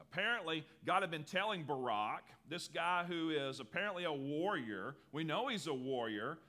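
Male pastor, sermon delivery, animated, bright and expressive, higher voice. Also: normal speed, hardly any pauses. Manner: animated, acts out quotes in lively voices.

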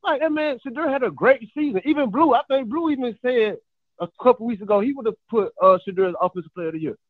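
A man's voice: extremely high pitch, expressive, fast, no echo. A man calling in to a sports show, arguing insistently and pushing to finish his point, heard over a tinny phone line. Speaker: caller. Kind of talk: heated sports debate on a call-in line.

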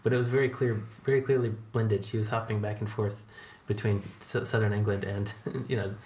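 A man's voice: lowish voice, steady tone, fairly quick, a little mellow, echoey room. A man from the United States hosting a casual interview, chatty and rambling, laughing often. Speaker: host.

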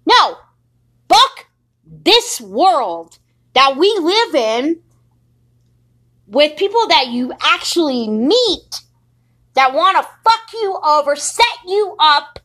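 Young adult woman, defiant angry rant full of swearing, high voice, slow and deliberate. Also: very animated, sharp tone. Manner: furious, defiant, swearing constantly. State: sleep-deprived. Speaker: podcaster. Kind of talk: angry profane monologue.

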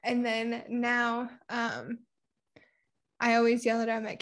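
A woman's voice: a little high, flat delivery, takes it slowly, long pauses. A young woman from Puerto Rico chatting candidly, telling personal stories and acting out little quotes. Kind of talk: casual conversation.

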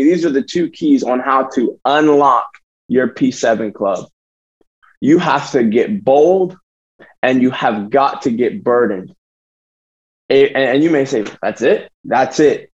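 A man's voice: medium pitch, a little mellow. A man preaching a sermon to students, emphatic and repeating phrases. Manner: emphatic, repeats phrases, acts out his own thoughts. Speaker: youth preacher. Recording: dull lo-fi sound.

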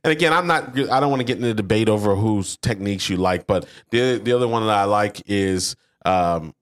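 A man's voice: lowish voice, brisk, few pauses. A man co-hosting a podcast, chatting casually about sales and acting out quoted salespeople. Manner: animated, acts out quoted salespeople. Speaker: podcast co-host. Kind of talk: casual business chat.

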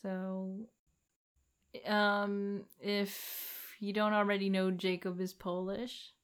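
A woman's voice: mid-range voice, little pitch movement, takes it slowly, clean tone. A Filipina woman with an American accent, co-hosting a casual podcast chat, blunt and teasing and swearing freely. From Philippines. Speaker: podcast co-host.

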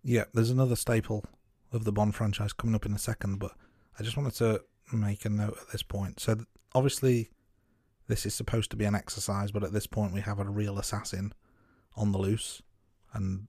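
A man co-hosting a relaxed film review chat. His voice sits a little low and sounds dry and close. He talks thoughtfully and stops often to restart a phrase. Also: fairly quick, no room sound. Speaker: film review podcast co-host. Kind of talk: casual film discussion.

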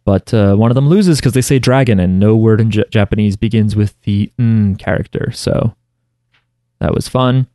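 A man's voice: fairly low pitch, normal speed, dark tone, clear, resonant tone, dry recording, studio quality. A man co-hosting a podcast, recapping an anime in a casual, rambling way with lots of fillers and restarts. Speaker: podcast co-host.

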